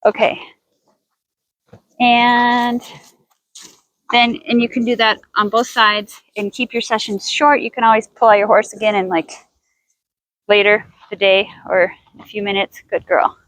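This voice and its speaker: A woman's voice: on the high side, flat delivery, a little slow, pauses often, fairly bright tone, no room sound, rough recording. A woman horse trainer teaching outdoors in a riding arena, chatty and thinking aloud with restarts as she coaxes her horse.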